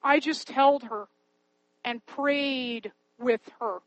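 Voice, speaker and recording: A woman's voice: high voice, extremely slow, no room sound, lo-fi sound. A woman telling a faith-based story in an earnest, pleading way, with rhetorical questions to her listeners. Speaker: Christian storyteller and Bible memory helper.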